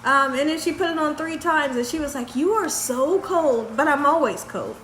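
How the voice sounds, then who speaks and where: A woman telling a story on her home vlog in a lively, laughing way. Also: sits high, brisk. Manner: animated, laughs while telling. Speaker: vlogger. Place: home kitchen. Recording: echoey room, faint background noise.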